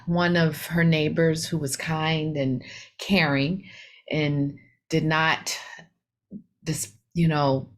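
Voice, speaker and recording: Low-voiced woman giving a dharma talk. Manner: reflective, unhurried, poses rhetorical questions; frequent fillers and self-corrections. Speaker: meditation teacher. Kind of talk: dharma talk retelling a story.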